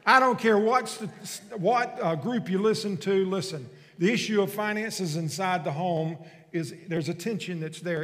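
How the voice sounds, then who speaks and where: A man's voice: sits high, moderate pace, a bit bright, big-room sound. A male pastor preaching a sermon in a church, telling stories and teasing the congregation. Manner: storytelling, joking with the congregation.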